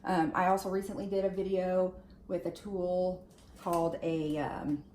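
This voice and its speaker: A woman's voice: lowish voice, normal speed, mellow, echoey room, slight background noise. A woman stylist walking viewers through curling a wig in a casual, chatty way, full of "like" and "okay". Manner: chatty, lots of fillers like "like" and "okay". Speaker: hair stylist demonstrating on a wig. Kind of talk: casual tutorial talk.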